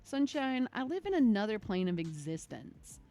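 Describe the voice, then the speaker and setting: A haughty, scornful male Grim Reaper from a dating game, his lines delivered dry and dismissive, as a woman reads them aloud. The pitch sits in an ordinary middle range, and faint music plays underneath. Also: sing-song, normal speed, dark tone. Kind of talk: reading game dialogue aloud.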